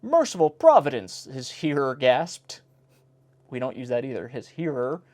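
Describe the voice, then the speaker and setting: A man's voice: mid-range voice, steady tone, unhurried, a little mellow. A man hosting a casual reading of an old joke book, stopping often to make wry comments on each joke. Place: indoor home recording in South Carolina.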